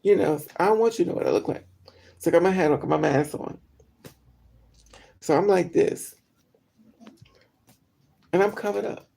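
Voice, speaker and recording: A man's voice: high voice, moderate pace, creaky, pauses often, warm tone, a little hiss or hum. A man chatting candidly with his livestream viewers, telling a personal story and answering comments. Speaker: vlogger.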